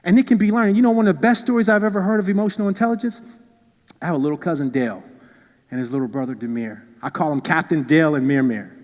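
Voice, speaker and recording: High-voiced, animated man giving a keynote. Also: fast. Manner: animated storytelling with playful asides. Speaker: keynote speaker. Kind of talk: motivational keynote speech. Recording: long reverb in a large hall.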